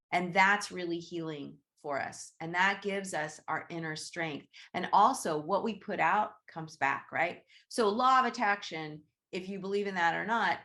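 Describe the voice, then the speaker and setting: A woman's voice: on the low side, a bit bright. A woman hosting a casual group teaching session over a video call, talking conversationally and often checking in with "right?". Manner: conversational, repeats "right?", acts out inner thoughts. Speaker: Reiki teacher, host.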